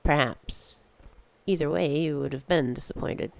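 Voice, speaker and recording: A narrator takes on the role of a tranquil, mysterious elderly woman who has travelled space, her words slow and cryptic. The voice is mid-range and creaky, with no room sound.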